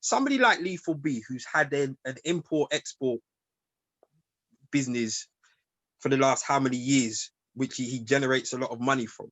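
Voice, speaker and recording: A man's voice: mid-range voice, normal speed, a bit bright, no room sound. A man, co-hosting a casual group chat, making emphatic points in street slang.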